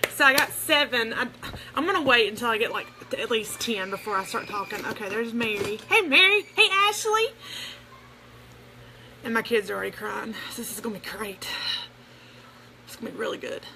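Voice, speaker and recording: A woman's voice: fairly high pitch, creaky, pushed and bright, slight background noise, rough recording. Earnest woman on a phone livestream. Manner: emotional, earnest, rambling with restarts. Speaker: livestream host. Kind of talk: casual livestream talk to viewers. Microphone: phone camera.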